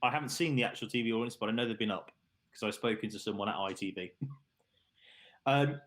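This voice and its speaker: A man's voice: on the low side, quick pace, fairly bright tone. A man hosting a live online darts stream, chatting casually with co-hosts, laughing and reading out viewer questions.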